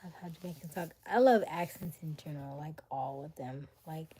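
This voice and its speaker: A young woman hosts a casual livestream, chatting and reading viewer comments in a deep, dark voice with a breathy edge. She speaks briskly and now and then drops into a whisper.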